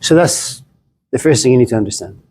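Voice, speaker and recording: A man's voice: mid-range voice, expressive, a little fast, darkish tone, husky. A man giving a live classroom lecture to students, playful and teasing, stacking up jokes through long repetition and calling on students by name.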